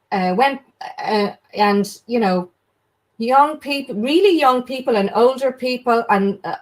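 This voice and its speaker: A woman with an Irish accent hosting a casual video-call chat, gushing and agreeing, with many fillers. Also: a little high. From Ireland. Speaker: host.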